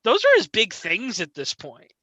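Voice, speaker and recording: A man's voice: high voice, wildly swooping pitch, normal speed, sharp tone, dry recording, low-quality recording. A man telling a story in a chatty way during a casual group chat.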